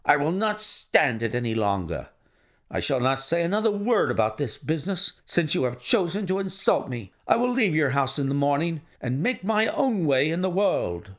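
A man's voice: a little high, very animated, normal speed. A man reading an audiobook, voicing a sullen, proud young man who refuses to explain himself. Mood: defiant.

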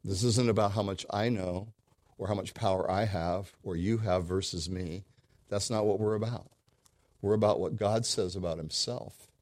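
Low-voiced pastor preaching a sermon. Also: male voice, no echo. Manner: preaching with emphatic repetition, shifting from quiet to loud.

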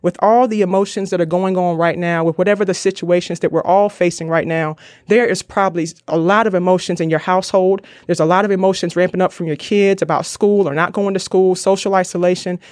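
A man's voice: high-pitched, dry recording, studio quality. A man giving a casual, earnest talk on mental wellness, retelling stories with quoted lines. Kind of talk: casual motivational talk to viewers.

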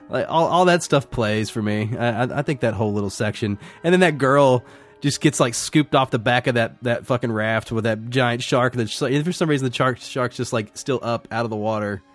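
A man co-hosting a podcast, chatting casually about a film, animated and quick to laugh and swear. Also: medium pitch, faint music behind. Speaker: podcast co-host.

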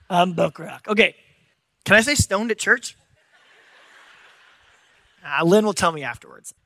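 A man's voice: high voice, slow, pauses often, sharp tone, no room sound. A man from San Diego preaching a sermon in a church, telling stories with joking, self-deprecating humor. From San Diego, USA. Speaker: pastor. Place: church stage.

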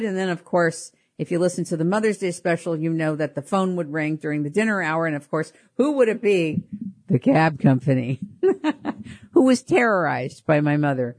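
A middle-aged woman hosting a show, telling personal stories in an animated way, often laughing and repeating her words. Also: fairly low pitch. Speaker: podcast host. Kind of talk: personal storytelling.

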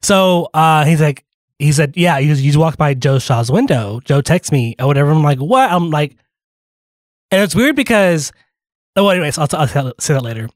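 A man's voice: a little high, animated, normal speed, dry recording, studio quality. A man co-hosting a radio show, telling a rambling story in casual chat, full of fillers and restarts, with a slight lisp from retainers.

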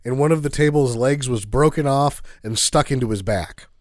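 A man's voice: medium pitch, moderate pace, no echo, studio quality. A man co-hosting a casual podcast, recapping a movie with wry, sarcastic remarks. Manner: wry, sarcastic about the film. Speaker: podcast co-host.

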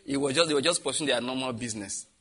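A middle-aged Nigerian man preaching, telling a lively story and acting out the voices of the people in it, laughing often. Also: medium pitch, racing, husky. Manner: animated, acts out voices in anecdotes, laughs often. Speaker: pastor. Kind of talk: storytelling sermon.

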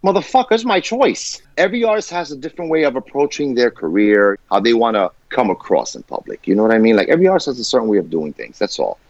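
Fired-up man, swooping expressive voice. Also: on the low side, fast talker, few pauses, dry recording. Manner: passionate, emphatic and profane. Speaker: guest musician. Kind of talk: candid podcast conversation. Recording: dull lo-fi dry sound.

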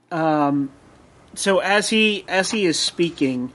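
A man running a tabletop game as game master, narrating hesitantly with many pauses and fillers. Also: fairly high pitch, lively intonation, a bit bright.

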